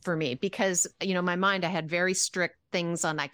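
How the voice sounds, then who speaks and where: A woman with a fairly low voice tells spiritual stories on a podcast in an earnest, chatty manner. She acts out her own quoted reactions as she goes. Her voice sounds dry and close, with little room sound. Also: steady tone, normal speed, hardly any pauses, fairly bright tone, no room sound. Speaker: podcast co-host. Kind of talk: casual spiritual podcast chat.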